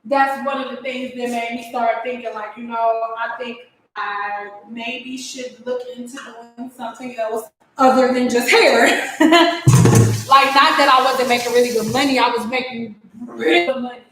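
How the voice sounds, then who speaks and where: A young woman who works as a hairstylist rambles through a long story in a casual home vlog, cooking as she talks, restarting often and saying "like" a lot. Her voice is a little high and fairly bright, at normal speed. The room is very echoey, with a little hiss or hum.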